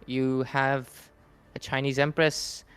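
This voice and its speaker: A man commentating an esports tournament draft live, relaxed and joking as he talks through the bans. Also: mid-range voice, slow, clean tone. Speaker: esports caster.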